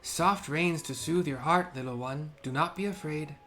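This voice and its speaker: A man doing a mystical bird-man healer from a video game, chanting in a raised, ceremonial voice that rides high above his own speech. The tone stays solemn and grand, with faint music underneath. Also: moderate pace, pushed and bright.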